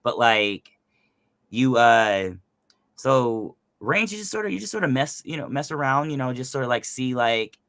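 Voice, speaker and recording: Male host, youthful and resonant, bright, dry close sound, energetic and rambling. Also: medium pitch, normal speed, dry recording. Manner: energetic, loose, lots of fillers. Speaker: host and voice actor. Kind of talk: casual chat.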